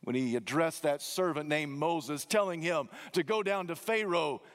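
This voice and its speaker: A man preaching a sermon, emphatic and dramatic, swinging his pitch and slowing down on key words. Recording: long hall reverb.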